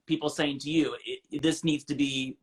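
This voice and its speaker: A man's voice: a little high, fairly even intonation, moderate pace, breathy edge. A man hosting an interview, supportive and reflective, summing up what his guest says. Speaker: podcast host. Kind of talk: casual interview chat.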